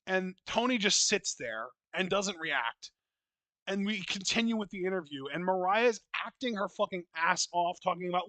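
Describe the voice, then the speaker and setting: A man with a fairly high, bright, sharp voice talks in a loose, unscripted podcast style. He is blunt, opinionated and freely profane, and he circles back with restarts as he thinks. The sound is close and dry, with no room around it. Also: animated, normal speed, no room sound. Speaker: wrestling podcast co-host. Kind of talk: casual podcast chat.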